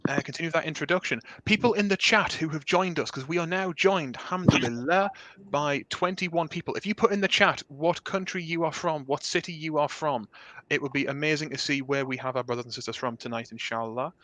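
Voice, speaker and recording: A man's voice: fairly high pitch, brisk, pushed and bright, no room sound. A young man from the north of England hosting a casual livestream chat, upbeat and jokey. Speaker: event host.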